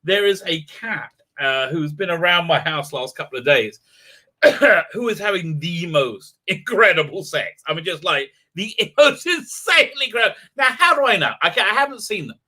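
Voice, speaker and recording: A man's voice: high voice, big pitch swings, normal speed, sharp tone. A middle-aged man hosting a livestream, rambling in a comic monologue with frequent giggles and fillers. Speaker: livestream host.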